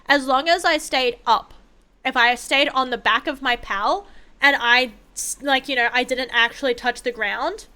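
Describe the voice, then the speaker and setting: A young woman streaming a game, chatting casually in a rambling way, swearing freely and breaking into excited outbursts. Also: sits high, normal speed, clear, resonant tone. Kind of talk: casual gameplay chat.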